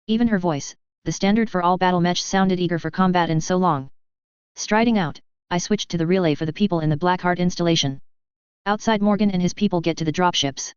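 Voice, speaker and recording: A woman with a lowish, very crisp and clean voice reads a science fiction story aloud. Her delivery is steady and even, and the sound is dry and close with a slightly dull, narrow tone. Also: brisk, no room sound. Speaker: narrator. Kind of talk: audiobook narration of web fiction.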